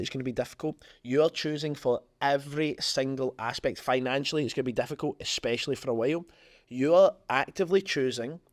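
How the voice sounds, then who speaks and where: A man's voice: medium pitch, dry recording, clean studio sound. A man hosting a podcast, giving frank, emphatic motivational talk about business. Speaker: podcast host.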